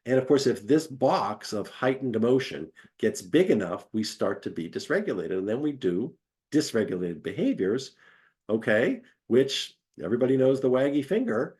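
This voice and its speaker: A man's voice: medium pitch, sing-song, normal speed, a little mellow. A man giving a conversational academic lecture, acting out quoted voices as he explains.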